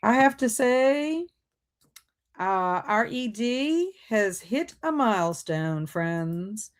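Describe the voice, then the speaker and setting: A woman's voice: a little high, animated, very slow. A woman hosting a livestream, chatting casually and reading out viewer comments while multitasking. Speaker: BookTube livestream host.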